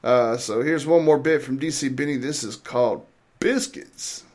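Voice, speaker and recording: A man's voice: medium pitch, normal speed, darkish tone. A man hosting a talk show, chatting loosely with plenty of filler sounds while he sets up a clip. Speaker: radio show host. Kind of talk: casual podcast chat.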